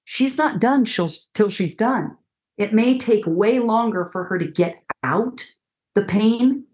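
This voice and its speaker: A middle-aged woman counselor explaining listening skills in conversation, animated and acting out example dialogues. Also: on the high side, takes it slowly, slightly rough. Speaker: counselor and guest. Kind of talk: conversational teaching.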